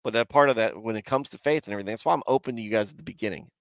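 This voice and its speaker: A man's voice: fairly low pitch, very fast, no room sound, studio quality. A man in his forties hosting a casual Bible commentary livestream, self-deprecating and candid as he answers his chat. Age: 40s. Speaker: host of a Bible commentary show.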